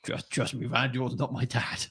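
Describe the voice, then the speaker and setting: A man's voice: mid-range voice, little pitch movement, a little fast, a bit bright, slightly rough. A young man co-hosting a wrestling podcast, rambling and swearing through casual banter. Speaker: podcast co-host. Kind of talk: casual chat.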